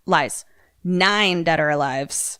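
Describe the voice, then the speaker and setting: A woman's voice: low voice, slow pace, clear, resonant tone, dry recording, studio quality. A woman co-hosting a comedy podcast, giving a casual, giggly, rambling recap of a film. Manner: giggly, rambling, animated storytelling. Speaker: podcast co-host.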